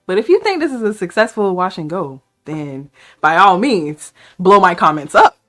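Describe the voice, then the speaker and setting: A woman vlogger talking casually to camera in a playful, excitable way, hyping herself up. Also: fairly low pitch, moderate pace, faint music behind. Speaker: beauty vlogger.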